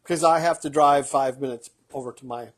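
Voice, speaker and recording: A man's voice: mid-range voice, brisk. A man co-hosting a casual cocktail show as the bartender, joking bluntly and crudely and explaining drink facts like a short lecture. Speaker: co-host, bartender. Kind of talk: casual chat.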